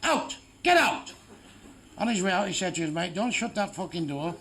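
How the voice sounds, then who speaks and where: Stand-up comic, male, crude and blunt, fairly high voice, noisy live recording. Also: fast talker, creaky. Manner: crude, heavy swearing, blunt punchlines. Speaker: stand-up comedian. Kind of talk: stand-up joke telling.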